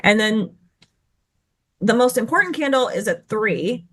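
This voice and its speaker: Over a video call, a woman appears as a guest trading educator to teach chart patterns. Her fairly high, lively, slightly bright and slightly rough voice rushes through tumbling explanations, pausing now and then to correct herself.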